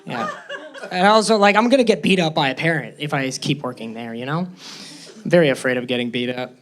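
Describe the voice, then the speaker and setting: A young man performing stand-up comedy on a club stage, nervous and self-deprecating, jumping into squeaky tones for punchlines. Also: expressive, a little fast, fairly bright tone. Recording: live crowd laughing. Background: audience laughter.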